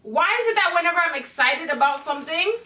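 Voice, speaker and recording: A young woman in her twenties from Canada talking excitedly through a beauty product first-impression vlog, chatty and swearing casually. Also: very high voice, fast, slight background noise. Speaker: beauty vlogger.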